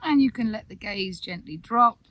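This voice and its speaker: A woman guides a yoga breathing exercise in a soft, calm, reassuring voice. Her pitch sits in a middle register, and she leaves long pauses between her directions. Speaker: yoga teacher. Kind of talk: gentle breathing instruction.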